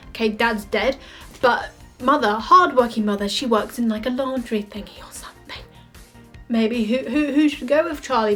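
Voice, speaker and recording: A woman ranting in a casual vlog, animated, sweary and mocking. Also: on the high side. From United Kingdom. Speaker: vlogger. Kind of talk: casual ranting monologue to camera.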